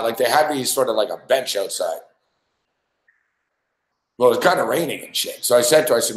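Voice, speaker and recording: A man's voice: mid-range voice, normal speed, long pauses. A man with a mid-range voice tells a long, loose story as a sports talk host. He swears freely and circles back on himself. The room around him sounds echoey. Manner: profane, rambling, laughs a lot. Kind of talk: casual storytelling chat.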